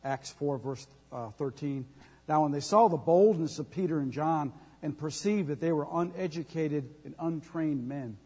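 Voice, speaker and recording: Man, reads scripture in a measured way, mellow tone, long reverb, far from mic. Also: fairly high pitch, breathy edge. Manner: measured, reads verses aloud. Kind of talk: scripture reading. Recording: distant mic in reverberant room.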